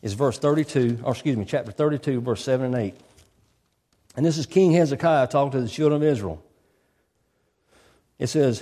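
A pastor preaching a sermon, emphatic and folksy, often repeating key phrases. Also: male voice, mid-range voice, a little fast, long pauses, warm tone, big-room sound.

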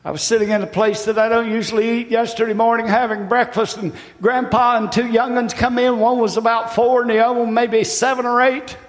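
A man with a high voice preaches with passion, climbing to loud cries and sinking to near whispers. His sermon rings through a church hall with a long, trailing reverb. He sounds middle-aged and fervent. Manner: impassioned, rising to shouts then dropping to a hush. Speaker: pastor. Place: church sanctuary.

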